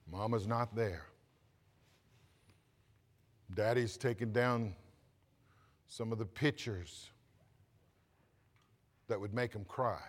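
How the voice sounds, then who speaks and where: A male pastor preaching a sermon, swinging from loud calls to hushed storytelling. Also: on the low side. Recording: long hall reverb.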